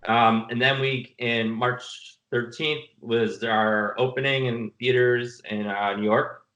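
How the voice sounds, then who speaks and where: A man's voice: medium pitch, fairly even intonation, slow, a bit bright, low-quality recording. A man telling stories in a casual interview, rambling and laughing often. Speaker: film director guest. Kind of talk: casual video-call interview.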